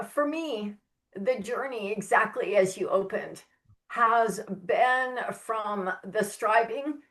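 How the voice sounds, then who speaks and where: A woman's voice: fairly high pitch, fairly bright tone. A woman guest on a faith-based podcast, an author and mentor sharing her testimony in an earnest, heartfelt way with emphatic stresses.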